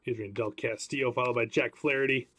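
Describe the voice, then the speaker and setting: A man's voice: medium pitch, fairly even intonation, fast talker, a bit bright. A man hosting a live card break stream, chatting with viewers by name as he calls out each card pulled. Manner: chatty, greets viewers by name while calling out cards.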